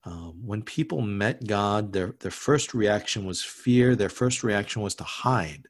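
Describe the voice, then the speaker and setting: A man's voice: lowish voice, expressive, unhurried. Conversational pastor man preaching. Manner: conversational, with frequent restarts and asides. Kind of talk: sermon.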